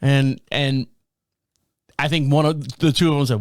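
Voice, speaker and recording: A male podcast host telling a story in a casual, animated way, chuckling and acting out what people said. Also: medium pitch, a little slow, no room sound. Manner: animated, chuckling, acts out quotes.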